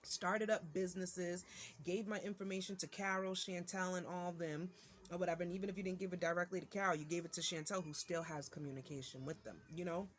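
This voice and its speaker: A woman's voice: lowish voice, fairly even intonation, brisk, a little hiss or hum. A mother venting to her viewers in a casual monologue, irritated and ranting, with many fillers and restarts.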